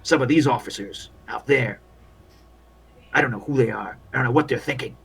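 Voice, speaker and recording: A man's voice: medium pitch, fairly quick, creaky, a bit bright, slightly rough, heavily acted. A man voicing a weary, bitter male army officer at a field hospital, who grumbles and then bursts out in complaints. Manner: bitter, complaining, with rising outbursts.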